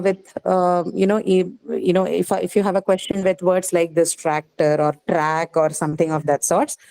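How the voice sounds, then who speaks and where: A woman's voice: fairly low pitch, a little mellow, rough recording. A woman teaching phonetics in a classroom, explaining step by step and checking in with "right?". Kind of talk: classroom lecture.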